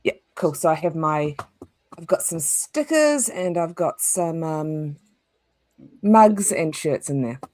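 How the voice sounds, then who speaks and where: A woman talking as a guest over a video call, thoughtful and candid, with some halting restarts. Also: deep voice, lively intonation, a little mellow, no room sound. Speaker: interview guest.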